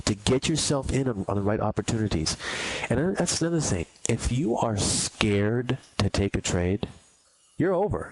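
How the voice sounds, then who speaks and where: Blunt, emphatic man with a husky voice. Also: on the low side, darkish tone. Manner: blunt, emphatic, repeats points for effect; acts out anxious beginners in mock quotes. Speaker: trading instructor. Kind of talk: recorded trading lesson.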